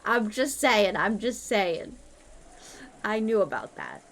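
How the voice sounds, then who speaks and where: A woman's voice: medium pitch, big pitch swings, slow pace. A young woman streamer chatting casually, playful and crude, swearing a lot. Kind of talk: casual live-stream chat.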